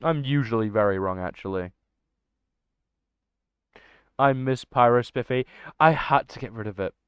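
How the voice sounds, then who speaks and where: A young man chatting excitably and rambling to his livestream chat. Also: medium pitch, normal speed, clear, resonant tone, dry recording. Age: young adult. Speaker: streamer. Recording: dull lo-fi dry mic.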